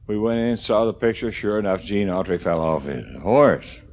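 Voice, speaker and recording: A male comedian telling stand-up stories in a halting, stammering way. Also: lowish voice, lively intonation, a little mellow. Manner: halting, stammering delivery with restarts. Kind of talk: stand-up storytelling.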